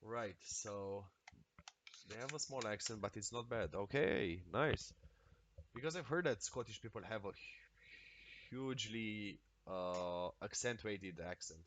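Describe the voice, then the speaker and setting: A man streaming a video game, talking casually and excitably with lots of swearing and exclamations. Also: on the low side, a little slow, slight background noise. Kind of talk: casual live-stream commentary while playing.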